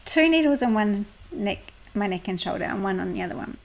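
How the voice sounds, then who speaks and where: A woman's voice: mid-range voice, expressive, brisk, creaky. A middle-aged woman co-hosting a podcast, telling stories in a chatty way and laughing often. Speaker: podcast co-host and salon business coach. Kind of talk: casual podcast chat.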